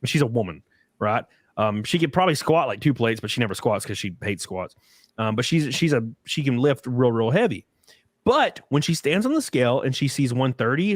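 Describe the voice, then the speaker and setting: A man hosting a podcast in casual chat, telling profane, animated stories with acted quotes. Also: medium pitch, brisk, no echo, clean studio sound. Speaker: podcast host.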